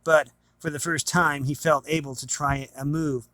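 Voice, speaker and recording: A man's voice: on the high side, fairly even intonation, normal speed, bright, forceful tone, no room sound. A man reading a novel aloud, plainly, with small stumbles and restarts. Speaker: reader.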